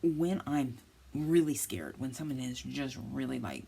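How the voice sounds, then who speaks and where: Low, gravelly woman crafting and chatting. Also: lively intonation, a little slow, warm tone. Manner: chatty, mutters and scolds herself while working. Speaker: crafting channel host. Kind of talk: casual crafting tutorial, thinking aloud.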